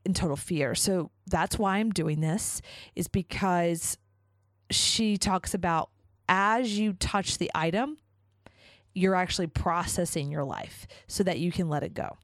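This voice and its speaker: A woman's voice: fairly low pitch, dry recording. A woman hosting her own podcast, talking in a chatty, enthusiastic way with lots of casual fillers. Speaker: podcast host. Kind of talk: casual solo podcast monologue.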